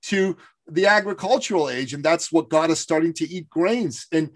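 A man in his fifties hosts a podcast in a casual, earnest way. His voice sits slightly high for a man, and he pauses often with small fillers while thinking aloud. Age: 50s. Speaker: podcast host. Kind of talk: casual interview chat.

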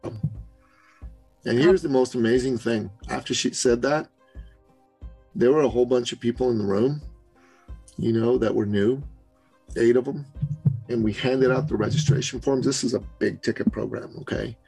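A man from Canada, a business coach, telling an animated story as a podcast guest and acting out the voices of the people he quotes. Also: medium pitch, normal speed, gravelly, long pauses, husky, faint music behind, poor audio. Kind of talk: storytelling interview.

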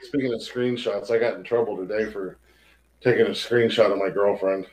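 A man's voice: fairly low pitch, steady tone, normal speed, rough recording. A man co-hosting a casual podcast, joking crudely and swearing freely. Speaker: podcast co-host. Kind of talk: casual chat.

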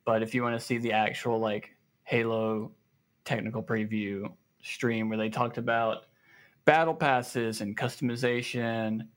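A man's voice: mid-range voice, fairly even intonation, measured pace. A man with a Southern American accent, co-hosting a casual gaming podcast, joking and reading news aloud with fillers. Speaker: podcast co-host.

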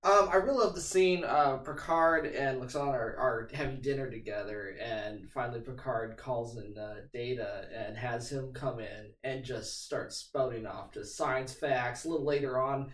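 A man's voice: mid-range voice, normal speed, hardly any pauses, a bit bright. Guy guest on a podcast, hesitant, lots of restarts, a bit far from the mic, echoey. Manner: hesitant, many fillers and restarts. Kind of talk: casual chat.

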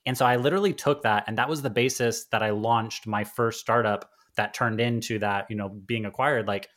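A man's voice: on the low side, steady tone, a little fast, a bit bright. A man who founded an agency, speaking as a podcast guest in casual interview talk, conversational with lots of fillers and restarts.

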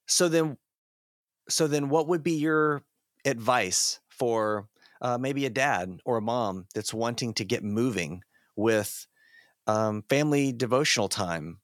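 A man's voice: medium pitch, takes it slowly, no echo, studio quality. A man hosting a podcast conversation, thoughtful and affirming, often murmuring agreement. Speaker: podcast host.

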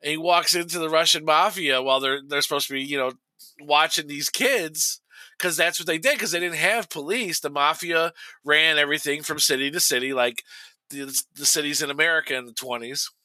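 A man's voice: on the high side, a little fast, pushed and bright, no echo, low-quality recording. A middle-aged man chatting casually on a podcast, telling a long story with restarts and laughing at his own tale. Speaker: podcast co-host.

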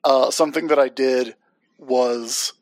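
A man's voice: mid-range voice, fairly even intonation, unhurried, no room sound, low-quality recording. A man hosting a podcast, chatting casually with hesitant, stumbling starts. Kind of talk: casual chat.

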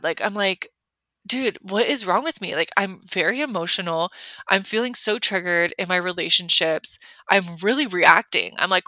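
A woman's voice: mid-range voice, pushed and bright, no echo. A young adult woman hosting a solo podcast, talking in a chatty, emphatic way, full of "like". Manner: chatty, filler-heavy, emphatic with lots of "like". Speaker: podcast host. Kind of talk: casual solo podcast talk.

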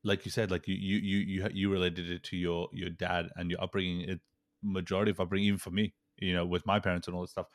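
A man with a very low, deep voice hosts a casual podcast chat, rambling through his stories with frequent restarts and fillers. The sound is close and dry, with no room echo. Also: level tone, quick pace. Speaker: podcast host. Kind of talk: casual conversational interview.

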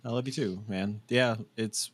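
A man's voice: lowish voice, fairly even intonation, normal speed. A young man co-hosting a casual podcast, speaking in a heartfelt, rambling way and swearing freely. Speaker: podcast co-host. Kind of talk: casual chat.

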